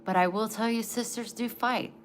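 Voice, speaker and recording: A woman vlogger in a casual home video, talking tenderly with frequent pauses and running short of breath. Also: on the high side, fairly even intonation, slight background noise. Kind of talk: casual home vlog, talking to her dogs and giving heartfelt advice.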